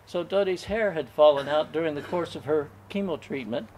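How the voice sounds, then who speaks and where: An older man telling a personal story at an open mic, gentle and folksy, chuckling now and then. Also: a little high, moderate pace, slight background noise.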